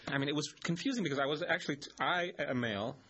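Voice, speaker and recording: A man's voice: a little high, fast, a bit bright, husky. A man co-hosting a call-in radio talk show, rambling and wordy, laughing often. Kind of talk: casual talk radio banter.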